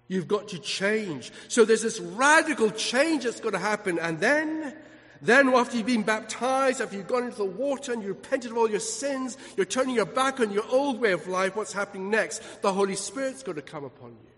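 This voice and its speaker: Vicar guy preaching in a big reverby church, pretty high voice, keeps firing questions at the room. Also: expressive, normal speed, a bit bright. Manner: emphatic preaching with rhetorical questions. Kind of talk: sermon. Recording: long hall reverb.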